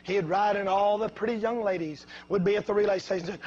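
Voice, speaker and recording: High-voiced preacher man, shouting revival sermon. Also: steady tone, quick pace, lo-fi sound. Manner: folksy storytelling that builds to shouting.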